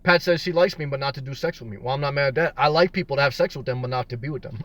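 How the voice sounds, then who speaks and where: A man with a mid-range, slightly bright voice talks at a racing clip with hardly any pauses and lively intonation. He's a vlogger live-streaming from his car in a parking lot, reading viewer comments out loud and rambling jokingly about being single in casual chat.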